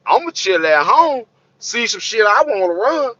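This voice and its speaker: A high, sharp-voiced man rants bluntly to camera about trucking money. He swears freely and preaches, circling back over his points again and again. The sound is dry and a bit dull, lo-fi. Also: sing-song, measured pace, breathy edge, dry recording. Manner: profane, streetwise, preachy, repeats himself. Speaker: hotshot trucker vlogger. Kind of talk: blunt unscripted rant to camera. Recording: dull lo-fi recording.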